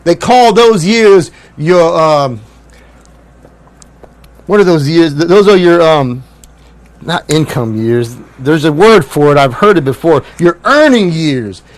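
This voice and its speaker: Middle-aged man, casual chat, rambling, wistful, slightly high voice. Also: animated, slow pace, pauses often. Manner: rambling, repeats words, wistful. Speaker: musician.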